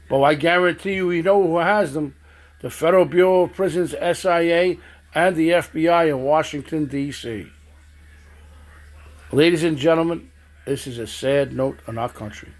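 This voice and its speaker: A man delivers a stern political monologue, calling out people directly. His voice sits on the higher side for a man. He speaks with an accusatory edge, in slow, measured phrases. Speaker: political commentator.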